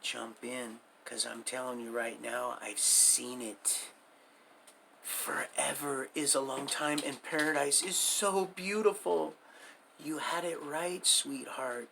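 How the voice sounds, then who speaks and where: Middle aged guy on his stream, rambly preachy storytelling, gravelly voice, faint noise behind. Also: mid-range voice, slow pace, sharp tone. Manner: folksy, preachy, addresses viewers as beloved. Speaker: livestream host.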